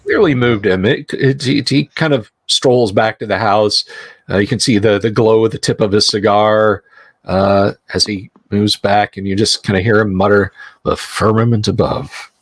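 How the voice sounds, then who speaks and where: A man narrating a tabletop horror game as game master, halting and full of restarts. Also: fairly low pitch, steady tone, no echo, clean studio sound.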